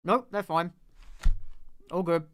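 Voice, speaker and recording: A man who reviews films and hosts speaks in a high, slow, a bit bright voice, with a little hiss or hum in the audio. Commenting casually over a clip, he rants in exasperation, swears freely, and repeats himself.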